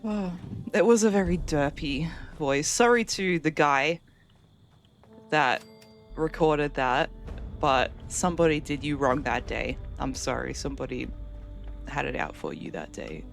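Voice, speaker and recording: A woman's voice: low voice, a little slow, creaky, soft background music. A woman streaming a game at home, chatting casually with her viewers and laughing easily. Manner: chatty, reads out and answers chat, laughs easily. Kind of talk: casual live-stream chat while gaming.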